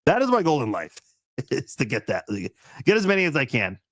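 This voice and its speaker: A man with a slightly high voice and wildly swooping pitch talks fairly quickly on a dry recording. He hosts a laid-back live-stream chat, reading viewers' comments in a rambling way full of laughs, fillers and restarts.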